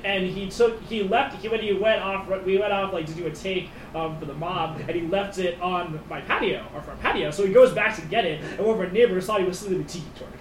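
A man's voice: high voice, fairly even intonation, a little fast, hardly any pauses, recorded from a distance. A man in a casual group chat, telling a rambling, self-correcting anecdote with laughs. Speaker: friend in the chat. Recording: echoey room, off mic, clear background noise.

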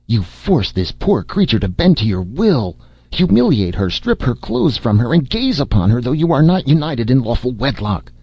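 A man voicing a wrathful, hoarse male preacher who thunders his denunciations, in a storybook reading. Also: mid-range voice, big pitch swings, normal speed, few pauses, dry recording, voice pushed up. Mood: thundering outrage. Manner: denouncing, shouting. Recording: dull, dry lo-fi recording.

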